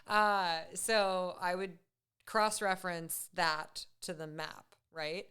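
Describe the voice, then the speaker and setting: A woman guest in a casual podcast conversation, chatty and quick to laugh. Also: fairly low pitch, a bit bright, clear, resonant tone.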